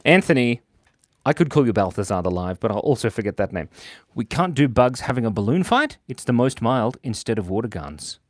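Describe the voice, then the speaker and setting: His medium-pitched voice has a brisk, sing-song lilt as he streams himself drawing, reads viewer comments, and laughs a lot while playfully teasing himself. It's a dry, studio-quality recording.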